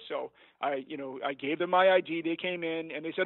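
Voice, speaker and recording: A man's voice: on the high side, fast talker, dry recording. A man, a teacher and writer, telling a long personal story as a podcast guest, rambling and correcting himself as he goes. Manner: rambling, self-correcting, laughs at his own story. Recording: dry, phone-like line.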